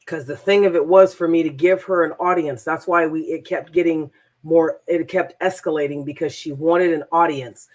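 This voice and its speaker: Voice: mid-range voice, steady tone, moderate pace. A transformational coach telling a personal story in a rambling, emphatic monologue, often repeating words.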